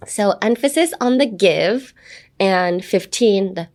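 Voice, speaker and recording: A young American-accented woman hosts a casual podcast English lesson, chatty and playful. She bounces between explanation and acted-out examples, with sudden jumps in pitch. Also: lively intonation, takes it slowly, darkish tone. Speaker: English teacher and voice actor.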